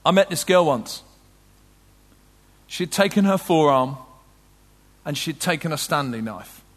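Passionate preacher in a reverberant tent. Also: male voice, lively intonation, measured pace. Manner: passionate, swings from loud urgent peaks to soft low moments. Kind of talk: sermon. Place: large tent.

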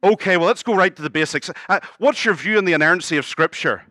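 A man's voice: sits high, quick pace, bright, forceful tone, no room sound, studio quality, pitched above the performer's own voice. A man voicing a fussy, officious male supervisor angel who asks formal questions, inside a sermon story.

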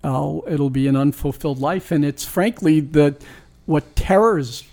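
A man's voice: a little high, measured pace, gravelly, a little mellow. A man in his sixties from New York, a sports team owner, tells a personal story in an interview. He is reflective and earnest and often restarts his sentences. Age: 60s.

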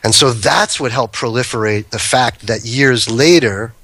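A man's voice: mid-range voice, measured pace, fairly bright tone, no room sound. A man guest on a podcast telling rambling anecdotes full of restarts and asides. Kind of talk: casual storytelling.

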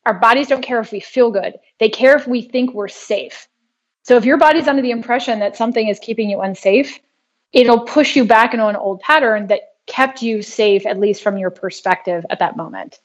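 A woman guest in a conversational interview who explains her wellness work in an earnest, brisk way. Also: a little high. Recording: dull lo-fi audio.

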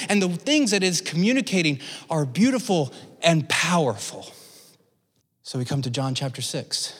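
A man preaching a sermon at a church service, expressive, dropping to soft low tones for emphasis. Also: normal speed. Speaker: pastor. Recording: long reverb of a church hall.

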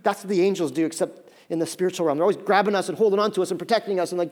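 A man in his thirties delivers a sermon in a high voice. He tells stories animatedly, jumping into little acted-out voices, with many fillers and restarts. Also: racing, darkish tone. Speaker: pastor.

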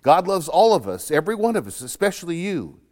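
A man's voice: a little high, sing-song, brisk, darkish tone, in a large hall, pitched above the performer's own voice. A man voicing a feisty elderly Christian grandmother who is stern but loving, in a folksy, firm, scolding manner. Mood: tender.

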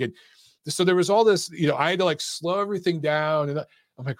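A man's voice: on the high side, brisk, dry recording, clean studio sound. A man hosting a casual livestream about boxing and his acting past, rambling loosely, swearing and laughing often. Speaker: boxing show host. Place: Atlanta.

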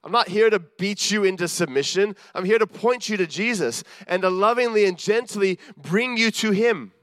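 A man's voice: high-pitched, animated, normal speed, fairly bright tone, no echo, studio quality. A man preaching a sermon in an earnest, self-deprecating way, acting out the voices of the people he quotes.

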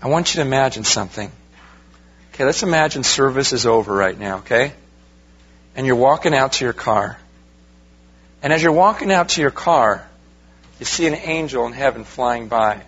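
A man's voice: medium pitch, animated, moderate pace, pauses often, fairly bright tone, breathy edge, highs cut off. A man, a pastor, preaching a sermon in a conversational way, asking rhetorical questions and talking straight to his congregation. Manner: addresses the congregation directly.

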